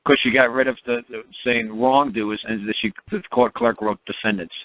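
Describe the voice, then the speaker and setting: A man's voice: medium pitch, moderate pace. Blunt man on a tinny radio line. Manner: blunt, emphatic, repetitive, laughs at his own stories. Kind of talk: animated monologue on a call-in radio show.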